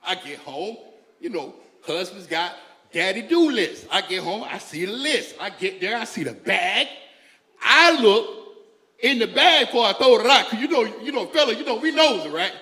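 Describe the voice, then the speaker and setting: A stand-up comedian, a man with a strikingly high, bright and forceful voice, tells stories in a loose, chatty way and keeps throwing asides to the crowd. He is heard on a stage mic in a big hall, with a long echo trailing each line. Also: big pitch swings, moderate pace. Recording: echoey hall with long reverb.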